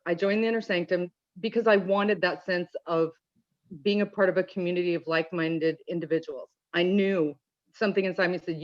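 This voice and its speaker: A woman giving an emotional personal testimony in an earnest, halting way with many restarts, choked up at times. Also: on the low side, highs cut off. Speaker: call-in participant.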